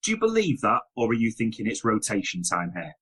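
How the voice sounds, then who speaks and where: A man with a fairly low voice hosts a podcast discussion. He talks steadily and leads the conversation with questions to his guest. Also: wildly swooping pitch, brisk, a bit bright, slightly rough, poor audio. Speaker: podcast host.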